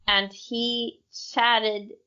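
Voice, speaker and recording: A woman's voice: on the high side, flat delivery, extremely slow, bright, forceful tone, muffled recording. A woman co-hosting a casual true-crime podcast, telling the story in a giggly, hesitant way; English is not her first language. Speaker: podcast co-host.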